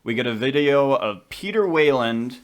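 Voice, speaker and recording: Guy on a movie podcast, mid pitch, opinionated, rambles a bit. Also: lively intonation. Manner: chatty, opinionated, quick asides. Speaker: podcast co-host. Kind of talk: casual film discussion.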